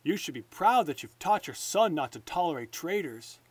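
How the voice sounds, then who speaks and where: A man voicing a greedy, blustering lord who mutters and grunts gruffly. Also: on the high side, big pitch swings, normal speed, no room sound. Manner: gruff, grumbling.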